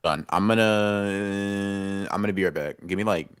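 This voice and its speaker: Really deep voiced guy on a podcast, chill and jokey, lots of um and like. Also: fairly even intonation, measured pace, clean tone. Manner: laid-back, joking, hedging with um and like. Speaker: podcast co-host. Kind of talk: casual chat.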